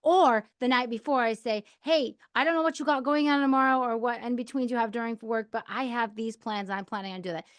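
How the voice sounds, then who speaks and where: A woman's voice: a little high, fairly quick, hardly any pauses, clean tone, no echo. A middle-aged woman hosting a podcast, giving casual, encouraging advice straight to the listener. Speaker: podcast host.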